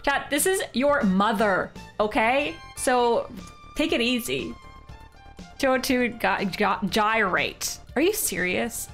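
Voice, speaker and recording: A woman's voice: fairly high pitch, animated, slow pace, a bit bright, soft background music. A woman streamer playing an old adventure game, reading its text aloud with playful jokes. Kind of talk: casual game livestream commentary.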